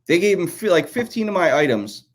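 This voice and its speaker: A man's voice: high-pitched, a little fast. Guy on a podcast going off on a rant, swears a lot, voice swings all over. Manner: animated, profane ranting storyteller. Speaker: podcast co-host, former toy designer. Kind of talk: casual podcast chat.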